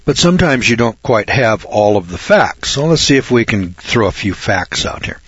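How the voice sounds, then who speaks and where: A man's voice: lowish voice, big pitch swings, moderate pace, fairly bright tone, slightly rough, dry recording. An older man from Northern California, a reporter, telling a folksy personal story and repeating words for emphasis. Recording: dull lo-fi recording.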